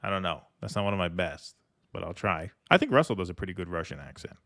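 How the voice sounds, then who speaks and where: A man co-hosting a political stream, talking in a casual, emphatic and animated way and often agreeing with his partner. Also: low voice, quick pace, vocal fry, no echo, studio quality. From United States.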